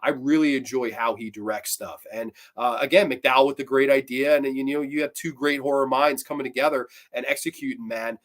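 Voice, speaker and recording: A man hosting a horror review show, chatting casually, excitable and swearing freely. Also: mid-range voice, brisk, few pauses. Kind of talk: casual livestream chat.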